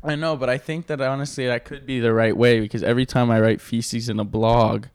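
A man's voice: mid-range voice, steady tone, a little fast, clean tone, dry recording. A man in mid range co-hosts a comedy podcast from a dry, close-miked room. He talks in loose, rambling bursts, laughs often and trips over his own restarts as he riffs on the story. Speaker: podcast co-host. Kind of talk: casual comedic chat.

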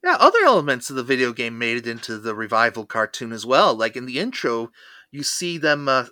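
Bright-voiced man steering the chat. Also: medium pitch, brisk, dry recording. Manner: steady, informative, guides the segments. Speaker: podcast co-host. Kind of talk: casual chat.

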